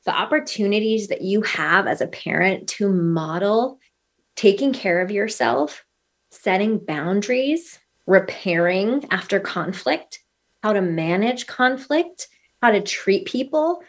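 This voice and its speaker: A woman's voice: mid-range voice, a little slow. Earnest woman telling a parenting story. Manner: earnest, animated storytelling with quoted dialogue. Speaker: guest. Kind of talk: casual podcast conversation.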